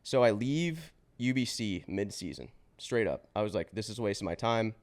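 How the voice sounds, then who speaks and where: A man in his twenties, a podcast guest, telling his life story in a casual, slangy way with swearing and quick restarts. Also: lowish voice, lively intonation. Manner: slangy and swearing, says bro and dude; fast run-on telling with restarts.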